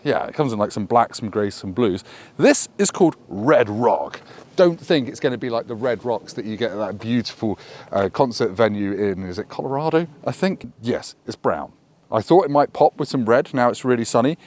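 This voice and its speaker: Lively, joking man reviewing a motorbike. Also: mid-range voice, moderate pace. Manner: jokey, self-deprecating, rambling asides. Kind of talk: casual to-camera review. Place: outdoors beside a road.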